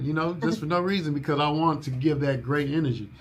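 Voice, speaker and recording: A man's voice: a little high, quick pace, a little hiss or hum. A man leading a staff orientation in a coaching manner, repeating his key points and asking if people follow. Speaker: business owner training new staff.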